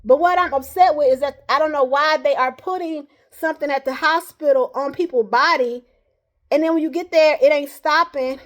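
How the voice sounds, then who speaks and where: A woman with a slightly higher voice talks straight to camera in a loose, rambling monologue. She keeps pressing her points earnestly and checks in with a steady "all right" as she goes. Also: normal speed. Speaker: vlogger.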